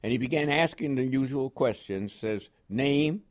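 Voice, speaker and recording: An older man with a New York accent tinged with West Indian inflections, telling his life story in an oral history interview, animated and often chuckling. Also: mid-range voice, moderate pace. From Panama.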